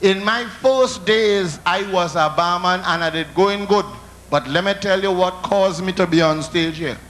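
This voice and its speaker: A man's voice: high voice, moderate pace. Trinidadian man telling comic stories. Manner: animated storytelling with funny sound effects. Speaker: comedian. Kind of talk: comic storytelling monologue.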